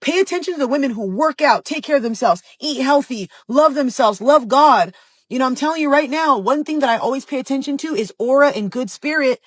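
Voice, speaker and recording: A woman's voice: high-pitched, lively intonation, fairly quick, dry recording, clean studio sound. A woman giving dating advice in a blunt, preachy, emphatic manner.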